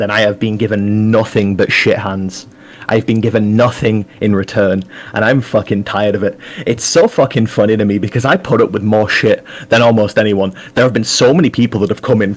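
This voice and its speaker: A man tears into a wrestling promo, furious and profane, firing questions at the room and venting about being ignored. His voice sits a little low. He swears constantly and hammers each point home. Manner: furious, swearing, demanding answers.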